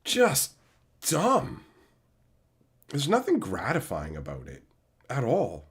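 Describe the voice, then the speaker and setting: Profane ranting young man, swinging pitch. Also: huge pitch swings, slow, slightly rough. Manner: angry, profane, sarcastic ranting. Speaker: streamer. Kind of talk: livestream rant.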